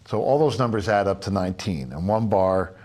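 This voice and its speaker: An older man giving a relaxed, chatty drum lesson, with many filler pauses. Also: low-pitched. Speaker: drum instructor. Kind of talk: spoken music lesson.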